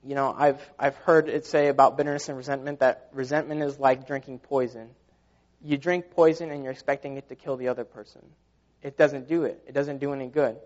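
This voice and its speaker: A man's voice: medium pitch, steady tone, brisk, a little mellow. A man preaching a sermon in an earnest, conversational way, often saying "you know", recorded with a dull, lo-fi sound. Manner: earnest, conversational with repeated fillers.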